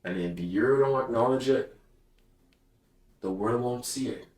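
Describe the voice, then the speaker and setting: A man's voice: medium pitch, unhurried, darkish tone, echoey room, poor audio. A man speaking casually to camera in a reflective, heartfelt monologue, slangy and open. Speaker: vlogger.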